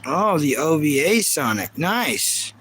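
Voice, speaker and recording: A man's voice: on the high side, sing-song, takes it slowly, fairly bright tone, husky, poor audio. A man with a Kentucky accent chatting casually on a live stream, rambling earnestly and reading viewer comments aloud. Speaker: livestreamer.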